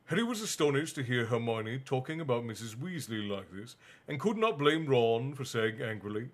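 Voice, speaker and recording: A man reading a bedtime story aloud on a stream and chatting with viewers in a relaxed, chatty manner. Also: medium pitch, moderate pace, few pauses. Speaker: stream host and reader. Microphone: streaming mic.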